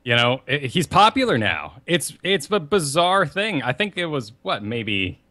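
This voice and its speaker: A young man with a bright, forward voice co-hosts a gaming podcast. His pitch swings widely as he tells rambling stories with a lot of energy. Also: unhurried. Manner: animated, rambling storyteller. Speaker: podcast co-host. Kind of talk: casual podcast chat.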